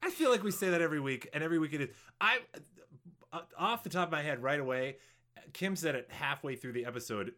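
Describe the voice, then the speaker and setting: A man co-hosting a casual podcast, his voice sitting a bit high and sounding bright and forceful. He jokes dryly with his co-hosts in easy, relaxed chat. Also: fast talker. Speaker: podcast co-host.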